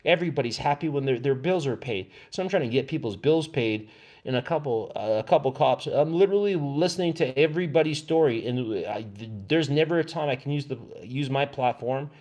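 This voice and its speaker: A man's voice: medium pitch, brisk, darkish tone. Rambling, agitated man on a livestream. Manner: agitated, repetitive, restarts often.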